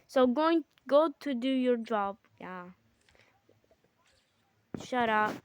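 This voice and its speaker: High, slow-talking excited girl gaming. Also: a little hiss or hum. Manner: excitable, bickering, quick exclamations. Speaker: gamer. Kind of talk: casual gaming chat with a sibling.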